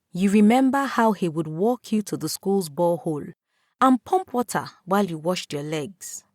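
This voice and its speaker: A woman narrating a story in the second person, measured and calm. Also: on the low side, no room sound, studio quality.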